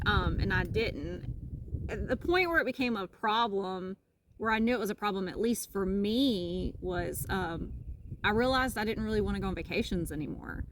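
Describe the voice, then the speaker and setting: A woman in her thirties with a Southern country accent, nervous yet candid as a guest in a casual talk with her husband. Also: medium pitch. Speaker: interview guest, wife of host. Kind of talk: casual conversation.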